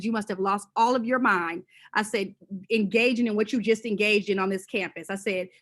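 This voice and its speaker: A woman educator and former school principal on a panel, telling stories in a lively, colloquial way and acting out her quoted exchanges. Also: mid-range voice. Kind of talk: panel discussion storytelling.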